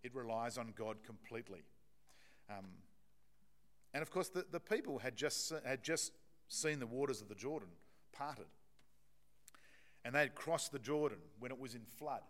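A man delivers a sermon in a relaxed, conversational manner, on emphasis and repeating himself as he works through the text. His voice sits in an ordinary middle register, and his delivery is full of small restarts and fillers. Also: medium pitch, moderate pace, pauses often. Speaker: preacher.

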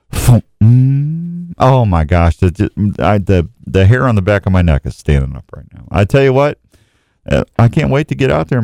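Folksy, excitable outdoorsy male host. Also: lowish voice, no room sound. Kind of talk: casual live chat.

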